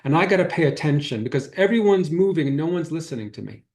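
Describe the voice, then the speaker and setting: The speaker is a man with a fairly high, slightly mellow voice who talks fast and animatedly. Giving a spiritual talk as a holistic healer, he casually recounts personal stories and acts out what people said, with roomy echo on the recording.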